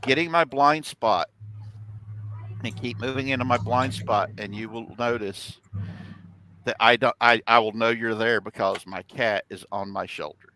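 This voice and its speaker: A man's voice: mid-range voice, measured pace, sharp tone, a little hiss or hum. A middle-aged man telling rambling stories in casual chat on a home live stream, laughing often. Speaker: host, father.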